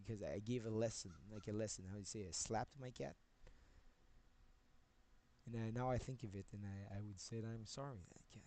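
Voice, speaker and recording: Rambling man telling stories. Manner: rambling, repeats himself, laughs often, swears; grows loud and high-pitched when excited. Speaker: streamer. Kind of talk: rambling personal storytelling.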